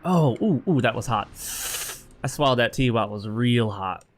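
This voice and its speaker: A man's voice: medium pitch, steady tone, fairly quick, slight background noise. A man hosting his own gaming channel, chatting casually and with strong opinions while he plays, sounding a bit sick. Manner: rambling, opinionated, talks straight to viewers. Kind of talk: casual gameplay commentary. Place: home.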